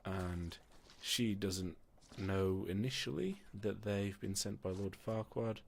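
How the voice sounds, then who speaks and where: A man's voice: on the low side, animated, slow, gravelly. A man narrating a tabletop game as game master in a casual, rambling way, often stopping to ask himself questions. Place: room, alone.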